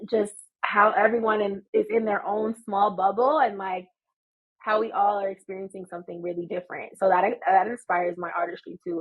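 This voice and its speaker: An American woman in her thirties, a podcast guest telling stories in an animated, laughing way. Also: medium pitch, breathy edge, lo-fi sound. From United States. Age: 30s. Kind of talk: casual storytelling chat.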